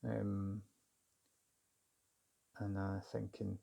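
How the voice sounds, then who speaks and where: Gravelly low-voiced Scottish man telling a story. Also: monotone, very slow, warm tone, a little hiss or hum. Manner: rambling and hesitant, with many fillers and restarts. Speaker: vlogger recounting a job interview. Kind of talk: casual spoken storytelling.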